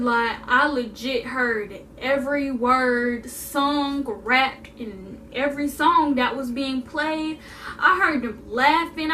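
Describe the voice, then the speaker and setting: Young woman, high and bright, sassy storytelling vlogger, a bit off-mic. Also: far from the mic, slight background noise. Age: young adult. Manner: animated, sassy, repeats for emphasis. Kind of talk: casual storytime vlog.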